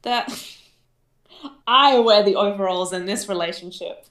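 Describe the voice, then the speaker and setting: A woman's voice: medium pitch, slow, a bit bright. A woman co-hosting a podcast, chatting casually and teasing with frequent laughter. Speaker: podcast co-host. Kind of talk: casual chat. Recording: echoey room.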